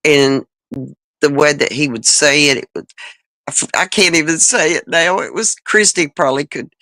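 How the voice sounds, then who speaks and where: A woman's voice: low voice, moderate pace, sharp tone, dry recording, poor audio. A woman hosting a casual panel chat, telling rambling stories and chuckling often.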